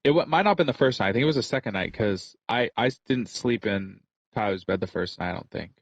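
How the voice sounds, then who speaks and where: A man's voice: lowish voice, animated, fast talker, husky, muffled recording. A young man on a casual podcast, telling a rambling, slangy story and saying "bro" constantly. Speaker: podcast co-host. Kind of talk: casual chat.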